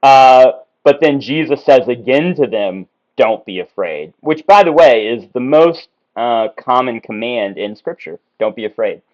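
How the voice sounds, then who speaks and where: A man's voice: mid-range voice, lively intonation, unhurried, hardly any pauses, darkish tone. A man explaining a Bible passage at a whiteboard, talking conversationally with many ums and self-corrections. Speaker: Bible teacher. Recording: slightly dull lo-fi sound.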